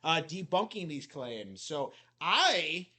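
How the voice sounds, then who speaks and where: A man with a notably high voice rambles through mocking reaction commentary. He leans on "like" constantly and sounds scornful toward his subject. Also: sing-song, slow, sharp tone. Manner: mocking, heavy use of "like" fillers. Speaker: commentary YouTuber.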